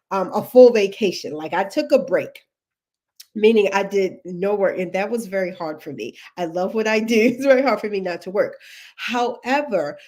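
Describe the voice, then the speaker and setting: A woman's voice: mid-range voice, a little mellow. A woman from Texas with a Texan accent, hosting a casual livestream as a career coach, chatty, laughing often and greeting viewers by name.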